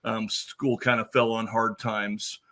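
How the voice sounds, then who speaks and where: A man with a bright, forceful voice talks on a casual podcast. He tells stories with gusto and plenty of restarts. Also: fairly low pitch, little pitch movement, takes it slowly. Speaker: podcast host.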